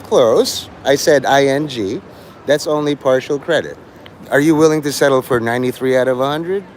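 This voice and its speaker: A man's voice: medium pitch, normal speed, slight background noise. A man hosting a livestream, lecturing and taunting his chat like a mock teacher.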